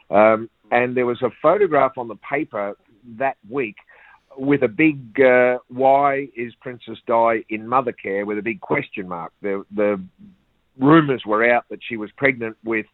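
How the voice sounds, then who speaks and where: An older Australian man, a former cricketer, telling lively anecdotes and laughing at his own stories. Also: lowish voice, no room sound. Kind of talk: anecdotal storytelling. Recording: tinny phone-like line, dry.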